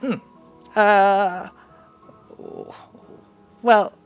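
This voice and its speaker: A man's voice: high voice, steady tone, extremely slow, clear, resonant tone, dull audio, soft background music, pitched above the performer's own voice. A man voicing a small, flustered male gnome farmer who stammers and chuckles nervously. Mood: rambling.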